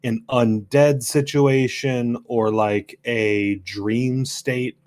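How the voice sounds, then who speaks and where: A man's voice: medium pitch, steady tone, drawn-out words, a little mellow, no room sound. A young man co-hosting a casual late-night game podcast, rambling with lots of restarts and easy laughter. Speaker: podcast co-host.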